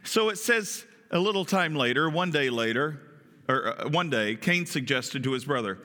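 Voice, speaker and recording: A man's voice: fairly high pitch, animated, normal speed, sharp tone. A man preaching a sermon in a conversational way, often asking his listeners questions. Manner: conversational, asks the congregation questions. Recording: long reverb of a large hall.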